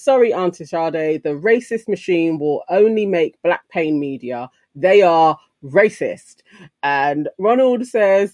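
A woman's voice: low voice, a little mellow, no room sound. Chatty woman reading comments, dry sound. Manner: chatty, laughs easily while reading. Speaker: podcast co-host. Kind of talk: casual chat, reading out comments.

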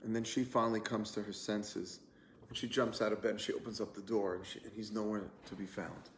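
A man's voice: on the low side, little pitch movement, fairly quick, echoey room, a little hiss or hum. A man, a rabbi, giving a conversational online Torah class, telling a story with earnest energy and many fillers. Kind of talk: online lunch-and-learn class.

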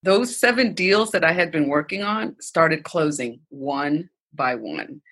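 A woman as a podcast guest, telling a personal story in an animated, emotional way, with frequent "like" and "you know". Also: low voice, measured pace, slightly rough.

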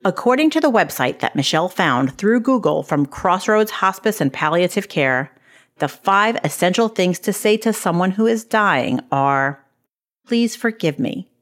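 A woman hosting a podcast, giving measured, scripted narration in a reflective tone. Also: lowish voice, expressive. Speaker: podcast host.

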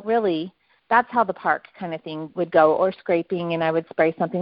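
A woman's voice: on the low side, fairly even intonation, normal speed, dry recording. A woman guest telling her story eagerly in a casual phone interview, rambling and often restarting her sentences. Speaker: network marketing guest. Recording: dull dry phone line.

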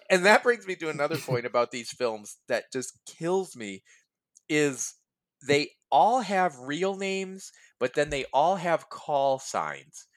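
Male host, chatty and animated, slightly higher voice, laughs a lot. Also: slow. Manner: animated, laughs often while telling stories. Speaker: podcast host. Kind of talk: casual chat.

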